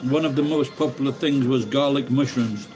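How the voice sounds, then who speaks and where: Man, casual eating vlog, rambling chat, middle pitch, music in background. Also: moderate pace, low-quality recording. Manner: rambling, chatty, muses aloud. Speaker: vlogger. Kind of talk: casual chat while eating, talking to viewers.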